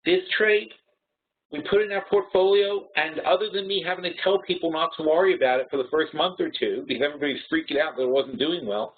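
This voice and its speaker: A man's voice: on the high side, quick pace, husky. A man hosting a trading webinar, talking bluntly and working through numbers aloud with frequent restarts. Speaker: webinar host. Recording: tinny phone-like audio.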